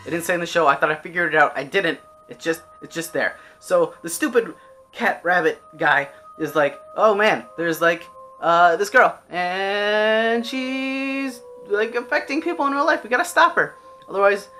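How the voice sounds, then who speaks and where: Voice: mid-range voice, pushed and bright. A person giving a casual, rambling, exasperated rant reviewing an anime, full of restarts and swearing.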